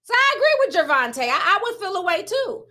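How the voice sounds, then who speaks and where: A woman's voice: very high-pitched, big pitch swings, fast, pushed and bright. A woman vlogger giving casual gossip commentary, chatty and slangy, often breaking into laughter.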